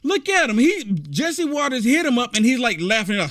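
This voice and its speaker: A man's voice: high-pitched, very animated, brisk, few pauses, a bit bright. A man hosting a political commentary show, reacting to clips in a rambling, repetitive, indignant rant.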